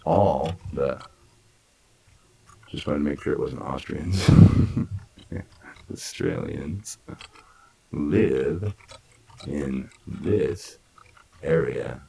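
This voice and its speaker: A man teaching an English grammar lesson, repeating words slowly and breaking sentences into parts. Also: extremely low pitch, vocal fry, mellow, breathy edge, poor audio. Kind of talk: slow, deliberate grammar lesson.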